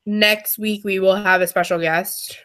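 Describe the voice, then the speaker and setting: A young woman co-hosting a casual chat show, animated and teasing. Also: medium pitch, measured pace, background noise. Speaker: podcast co-host.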